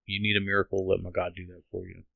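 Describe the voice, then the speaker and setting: A man from the United States tells his faith story as a podcast guest, earnest and rambling, circling back and restarting his sentences. His voice sits a little low, and the sound is close and dry with no room echo. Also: completely flat delivery, quick pace, vocal fry, sharp tone. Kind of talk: emotional testimony.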